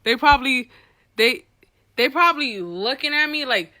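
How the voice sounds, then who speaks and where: A young woman telling a candid personal story with an animated, profane delivery, acting out the people she quotes. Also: high voice, normal speed. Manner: animated, profane, reenacts dialogue.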